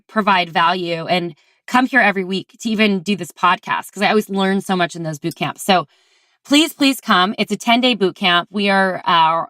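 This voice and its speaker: A woman's voice: mid-range voice, a bit bright, dry recording, clean studio sound. A woman hosting her own podcast, talking casually and effusively to her listeners and laughing now and then. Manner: bubbly and effusive, laughing often. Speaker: podcast host. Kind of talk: casual solo podcast talk.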